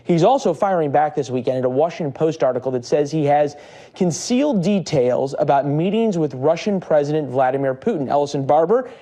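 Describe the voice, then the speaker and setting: A man anchoring a news broadcast in a smooth, conversational studio delivery. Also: a little high, lively intonation, fairly quick, dark tone.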